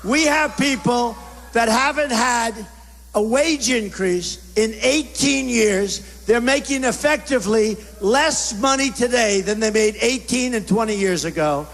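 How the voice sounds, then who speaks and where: A man's voice: very high-pitched, measured pace, a bit bright. A man giving a campaign rally speech in punchy, repetitive short phrases, bombastic and rousing. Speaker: political speaker at a rally. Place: large indoor rally venue. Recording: echoey hall with faint crowd noise.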